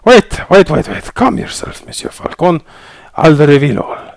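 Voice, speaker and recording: A man voicing a suave male fox con man with a put-on Spanish accent, talking in a smooth, theatrical, drawn-out way over game music. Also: fairly high pitch, sing-song, dry recording, heavily acted. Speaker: game player voicing characters.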